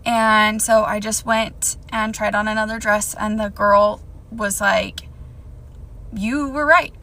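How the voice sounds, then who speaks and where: A woman's voice: medium pitch, monotone, measured pace, sharp tone, rough recording. A young woman telling a personal storytime to camera, emphatic and indignant.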